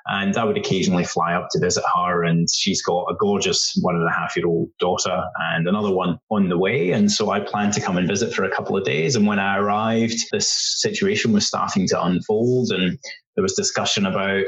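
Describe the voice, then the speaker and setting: A man's voice: deep voice, fairly even intonation, a little fast, fairly bright tone, muffled recording. A man in his thirties with a Scottish accent, chatting casually as an interview guest. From Scotland.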